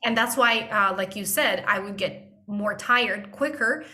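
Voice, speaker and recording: A woman's voice: medium pitch, a little slow, pushed and bright. A young woman, a native Russian speaker, talking as a guest accent coach in a casual interview, thoughtful and hesitant with many fillers.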